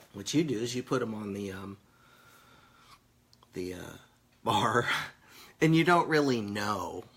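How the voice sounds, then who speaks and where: A man's voice: on the low side, fairly bright tone, slight background noise. A stoned man reading viewer comments on a casual live stream, crude, joking and rambling. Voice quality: gravelly.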